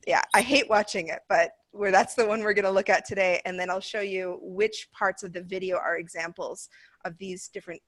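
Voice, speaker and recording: A woman's voice: on the low side, a bit bright. An American woman training teachers, explaining casually with fillers as she walks through a class recording. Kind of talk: casual training talk over a video.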